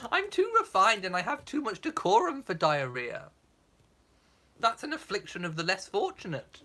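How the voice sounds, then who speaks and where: A man's voice: high-pitched, huge pitch swings, normal speed, pushed and bright. A man hosting a casual live chat, reading out viewer comments in a camp, theatrical, self-mocking way.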